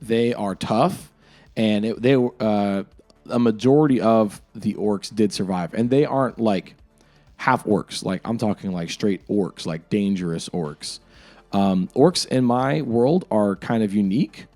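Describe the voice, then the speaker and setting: Rambling low-voiced young man. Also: a little slow, darkish tone. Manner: rambling, filler-heavy. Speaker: game master. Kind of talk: casual lore talk. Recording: music in the background.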